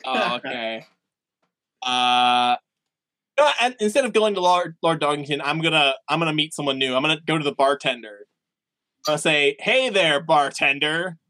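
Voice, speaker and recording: A man improvising as a player in a tabletop role-play over a call, excitable, playful and rambling. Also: a little high, normal speed, long pauses, dry recording.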